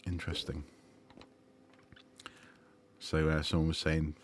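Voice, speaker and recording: A man's voice: low voice, unhurried, a little hiss or hum. A man streaming a game, chatting and musing with lots of fillers and restarts. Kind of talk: gaming livestream commentary.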